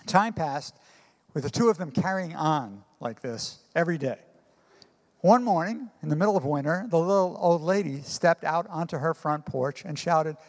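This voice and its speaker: A man preaching a sermon as a pastor, telling stories, pausing often, and using fillers. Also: fairly high pitch, lively intonation. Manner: storytelling with pauses and fillers. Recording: long hall reverb.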